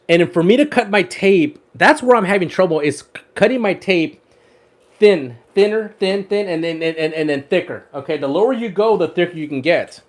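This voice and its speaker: A man with a slightly high voice hosts a fishing livestream. He chats casually while showing off his rod wraps, repeats words and laughs often.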